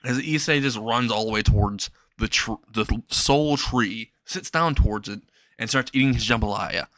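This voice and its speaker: A man's voice: medium pitch, normal speed, a bit bright, no room sound, studio quality. A man casually improvising a fan story, chuckling and rambling with frequent restarts.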